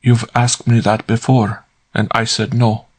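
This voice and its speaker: A man voicing a composed young woman under questioning in an audiobook, speaking clearly and steadily. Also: medium pitch, unhurried, voice pushed up. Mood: firm. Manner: steady, clear, stiffly calm. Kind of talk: audiobook character voice.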